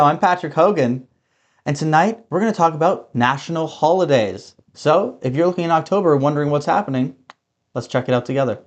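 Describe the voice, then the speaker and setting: A man's voice: on the high side, brisk. A man hosting a comedy show, delivering a monologue of jokes about holidays. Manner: deadpan jokey delivery with put-on voices. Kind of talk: stand-up monologue.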